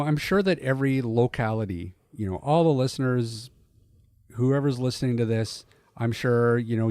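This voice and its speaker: A man from Canada hosts a relaxed podcast chat, often stumbling through restarts and fillers before he lands his point. His voice sits at an ordinary middle pitch, recorded close and dry with no room sound. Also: dry recording. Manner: hesitant, lots of restarts and fillers. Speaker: podcast host. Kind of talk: casual podcast banter.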